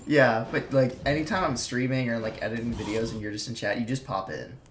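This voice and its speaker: A man's voice: mid-range voice, steady tone, fairly quick. Rambling man with a slight Minnesota accent. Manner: rambling, many fillers and restarts. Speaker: streamer and video maker. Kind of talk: casual chat while gaming. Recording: echoey room with clear background noise.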